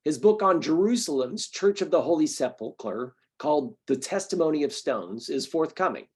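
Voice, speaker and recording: A man's voice: a little high, expressive, a little mellow, husky. A man, the president of an arts club, introducing the evening's speaker with frequent hesitations. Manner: halting, frequent ums and uhs.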